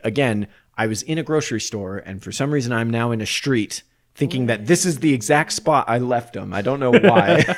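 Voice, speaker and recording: A man casually telling a long, rambling story on a podcast, laughing often and swearing freely. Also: on the low side.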